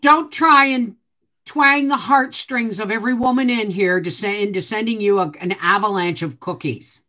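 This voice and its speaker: A woman's voice: medium pitch, bright, forceful tone. A woman hosting a live stream from home, chatting with viewers in a chatty, teasing way and answering their comments. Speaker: homestead channel host.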